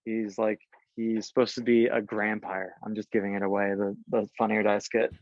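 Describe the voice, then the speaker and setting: A man's voice: fairly low pitch, level tone, a little fast, no echo, lo-fi sound. A man in his thirties from Southern California tells a long anecdote as a podcast guest, with lots of fillers and cursing. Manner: rambling, profane, heavy on fillers like "like" and "um". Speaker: guest musician. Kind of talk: casual anecdote telling.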